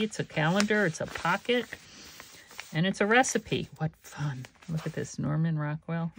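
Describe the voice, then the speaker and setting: Low-voiced lady rambling through her craft journals, slow and gravelly, bit of hiss behind. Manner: chatty, meandering, with soft laughs and many fillers. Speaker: crafting channel host. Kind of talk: casual craft flip-through.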